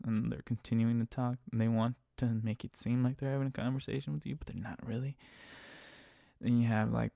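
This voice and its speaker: A young man with a gravelly, dark voice rants bluntly about his rideshare passengers, full of swearing. The sound is close and dry, with no room around it. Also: medium pitch, dry recording. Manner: profane, blunt, ranting. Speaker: rideshare driver. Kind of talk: casual podcast monologue.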